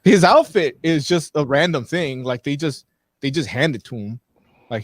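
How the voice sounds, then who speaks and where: A man's voice: on the high side, animated, moderate pace, dry recording. A man co-hosting a live talk show, rambling casually through frank movie opinions with many restarts. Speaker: podcast co-host.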